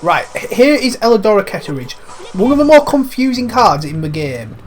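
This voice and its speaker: A man's voice: high-pitched, big pitch swings, a little fast, slight background noise. A man with a cold, giving cheeky, rambling let's-play commentary over a video game. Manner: cheeky, rambling, swears lightly. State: has a cold. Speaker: gaming commentator.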